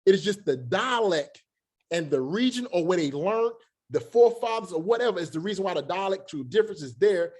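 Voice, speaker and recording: A man teaching a Bible study in a relaxed, conversational way, with joking asides and slow, drawn-out emphasis. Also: high-pitched. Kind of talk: casual scripture teaching.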